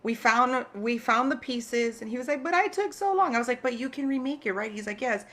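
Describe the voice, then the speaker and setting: A woman's voice: a little high, steady tone, a little fast, fairly bright tone. A woman co-hosting a casual chat, talking easily and laughing often between stories. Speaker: co-host.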